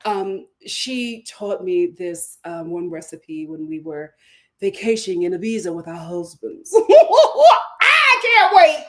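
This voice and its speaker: A woman hosting a casual livestream, reading viewer comments aloud, laughing often and bursting into loud outbursts. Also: lowish voice, a little slow. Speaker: livestream host reading super chats.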